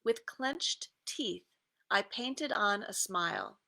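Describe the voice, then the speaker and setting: A woman coach giving a casual guided meditation talk, easygoing, with many pauses and fillers and some reading aloud. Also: mid-range voice, huge pitch swings, vocal fry, pushed and bright. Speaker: creative success coach.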